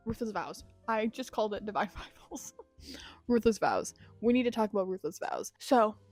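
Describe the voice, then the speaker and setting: A woman's voice: fairly high pitch, a little mellow. A young woman in a casual reading vlog, chatting with a gushing, filler-heavy manner about the book she is reading. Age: young adult. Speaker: book vlogger.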